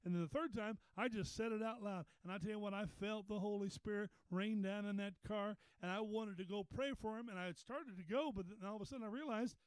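Male pastor, high voice, folksy storyteller who builds to fervent preaching, dry close sound. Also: brisk, hardly any pauses, clean tone, dry recording, rough recording. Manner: folksy, repeats words, rises to a preaching pitch. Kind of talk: storytelling sermon. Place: Bible study meeting room.

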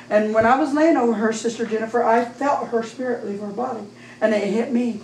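A middle-aged woman with a Midwestern American accent tells her church testimony with raw emotion, often climbing toward a shout. Her voice sits a touch high and is caught from well back in an echoey room, with faint noise under it. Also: brisk, recorded from a distance. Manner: emotional, rising to near-shouting when recounting praise. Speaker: church member giving testimony. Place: church sanctuary.

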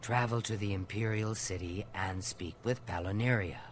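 An actor playing an eager male shopkeeper in a fantasy video game, making a salesman's pitch. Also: moderate pace, natural voice. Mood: salesy. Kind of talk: video game character dialogue.

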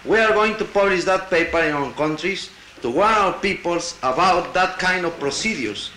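This Latin American delegate speaks in a high, bright voice with lively intonation, addressing a conference and reading partly from a paper. He stumbles, starts over, and adds dry remarks, captured on a 1960 archival recording in an echoing hall with slight background noise.

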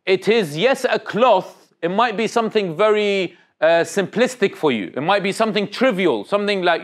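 A man with a fairly high voice gives a casual, interactive religious talk. He speaks conversationally and keeps putting questions to his young audience, often restarting his sentences. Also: lively intonation, normal speed, few pauses. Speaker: Islamic speaker.

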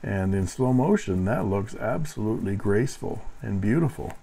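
Male reviewer, deep and mellow, dry wry delivery while demonstrating pens. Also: expressive, normal speed, vocal fry, husky, poor audio. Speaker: fountain pen reviewer. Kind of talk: product review narration.

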